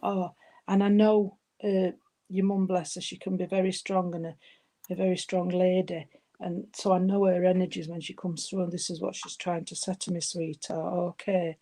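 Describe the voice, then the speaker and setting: Woman, medium, mellow tone, hesitant, affectionate, says darling a lot. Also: fairly low pitch, little pitch movement, moderate pace. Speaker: spiritual medium. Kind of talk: live mediumship reading.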